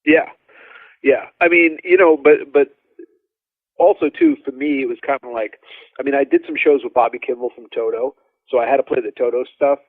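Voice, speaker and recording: Brief: male musician guest, lively storyteller, phone-quality dry audio. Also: mid-range voice, normal speed, no echo. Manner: animated, rambling, acts out quoted dialogue. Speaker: drummer guest. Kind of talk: casual storytelling interview. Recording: dry tinny phone-like line.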